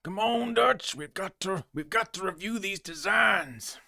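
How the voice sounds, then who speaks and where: A man putting on a gruff cowboy outlaw with a Texas drawl and a slow, lazy delivery. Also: high voice, lively intonation, sharp tone, dry recording, clean studio sound, pitched above the performer's own voice, full character voice. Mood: urging. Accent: put-on Texas drawl.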